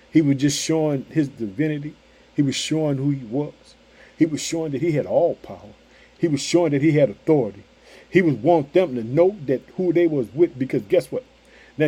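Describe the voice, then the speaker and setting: A man with a slightly high, breathy voice preaches a sermon using emphatic, repetitive phrasing. He swings between loud outbursts and hushed asides.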